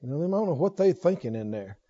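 A man's voice: a little high, big pitch swings, fast, dark tone, pitched below the performer's own voice. A man voicing a gloomy, grumbling man who frets over everything, mumbling doubtful complaints and sighing, on a dull lo-fi recording. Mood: gloomy fretting.

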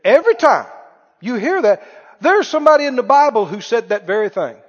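A man's voice: extremely high pitch, very animated, fairly quick. A man preaching a sermon in a folksy, joking way, mocking critics with mock wails. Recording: reverberant hall, dull lo-fi sound.

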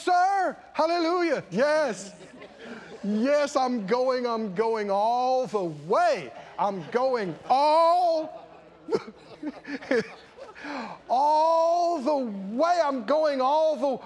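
A man voicing an eager young son who shouts empty promises with excitement. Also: extremely high pitch, extremely slow, voice pushed up, exaggerated voice. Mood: over-eager. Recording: long echo of a large hall.

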